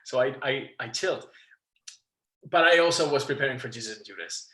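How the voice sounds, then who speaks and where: A man guest on a casual interview podcast, telling a backstage story with lively acted-out quotes, swearing and laughing. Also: mid-range voice, moderate pace, pauses often, reverberant, low-quality recording. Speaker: guest, musical theatre actor.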